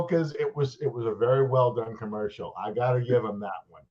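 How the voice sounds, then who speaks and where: A man co-hosting a casual sports chat, telling stories in a rambling, animated way with many restarts. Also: mid-range voice, fairly quick, hardly any pauses. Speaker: podcast co-host. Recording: dull lo-fi audio.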